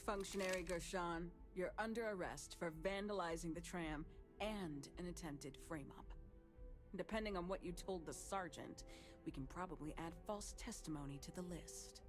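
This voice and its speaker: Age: adult. Figure: a woman as a frank, protective female security officer. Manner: earnest, blunt, low voice, game music behind. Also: moderate pace, close to an everyday voice. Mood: determined. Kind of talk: video game voice acting.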